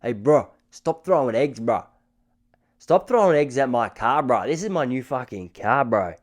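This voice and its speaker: A man putting on a Lebanese accent to play a brash young man yelling indignantly about his new car. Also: mid-range voice, expressive, moderate pace, lightly acted. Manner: aggressive, indignant shouting.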